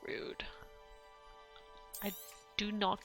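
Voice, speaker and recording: A woman's voice: extremely slow, a bit bright, soft background music. A European woman streaming a game, chatting casually, laughing often and reading chat aloud.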